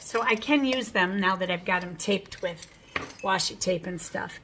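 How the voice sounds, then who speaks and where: A woman's voice: on the low side, moderate pace, pushed and bright, slight background noise, rough recording. A woman hosting her own art channel, talking through an unboxing in a chatty, rambling, frank way at home. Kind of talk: casual unboxing vlog.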